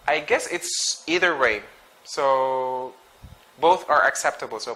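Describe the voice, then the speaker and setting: A man teaching English pronunciation, reading sight words slowly and twice each, with short explanations. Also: medium pitch, pushed and bright. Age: adult. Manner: slow and deliberate, repeats each word twice with brief explanations.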